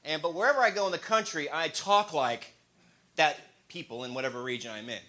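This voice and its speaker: A man from the American Midwest doing an animated stand-up comedy routine in front of a laughing audience, often slipping into put-on regional voices. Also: fairly high pitch, fairly quick.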